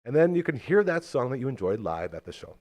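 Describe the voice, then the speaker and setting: A man hosting a podcast in casual chat, talking in an animated, fired-up, rambling way. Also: medium pitch, quick pace. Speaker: podcast host.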